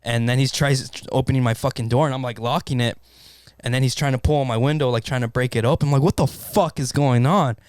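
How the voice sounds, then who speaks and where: A man in a casual podcast chat, telling a story in an animated way and swearing constantly. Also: mid-range voice, fast talker, clean tone, no echo, studio quality. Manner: animated, swears constantly, acts out his own panic. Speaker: podcast co-host.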